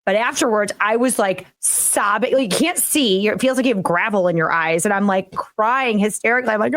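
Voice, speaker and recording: A middle-aged woman co-hosting a casual chat, telling a story with lively, rising emphasis. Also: no echo. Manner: storytelling, animated with quick rising pitch. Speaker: co-host.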